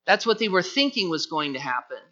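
A man's voice: high voice, very animated, a little fast, pushed and bright, lo-fi sound. A man preaching a sermon as pastor, earnest and emphatic, often repeating his phrases.

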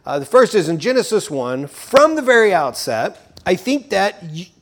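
A man preaching a sermon to a congregation, animated, acting out quoted speakers as he teaches. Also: high-pitched, moderate pace.

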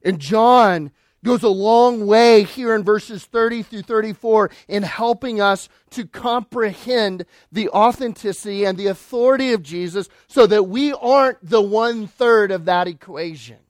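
A man preaching a sermon as pastor, emphatic, swinging between loud declarations and quiet, low lines. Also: unhurried, few pauses, no echo, studio quality.

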